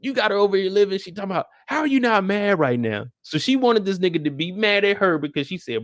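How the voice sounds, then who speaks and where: Animated slangy man recapping a show. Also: sits high, fast, hardly any pauses, dry recording, clean studio sound. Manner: animated, slangy, profane banter. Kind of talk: casual live after-show recap.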